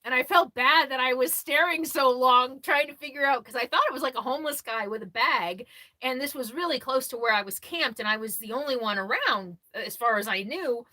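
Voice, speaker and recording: Bright-voiced chatty woman livestreamer. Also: sits high. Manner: chatty and self-deprecating, laughs often, quick to apologize. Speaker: RV lifestyle livestream host. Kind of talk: casual livestream chat, answering viewer comments.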